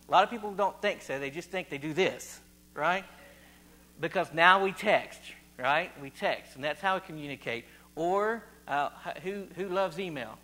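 A man from Virginia, also listed as West Virginia, preaches an informal sermon, chatting, repeating phrases, and quizzing the congregation over and over. His voice is high, bright, and forceful.

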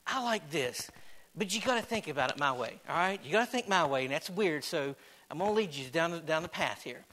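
Male preacher, high voice, repetitive sermon delivery that swings from hushed to loud. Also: animated, fairly quick, rough recording.

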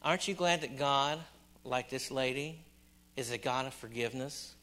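A middle-aged man preaching a sermon, repeating phrases for emphasis and swinging between loud and hushed delivery. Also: medium pitch, normal speed. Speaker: pastor.

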